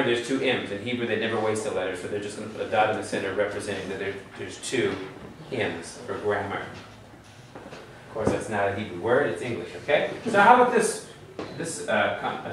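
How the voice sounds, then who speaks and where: Speaking a little fast in a lowish voice, this man leads a patient Hebrew class, running drills and asking frequent check-in questions. He's captured from far off in a reverberant room, with a faint hum underneath.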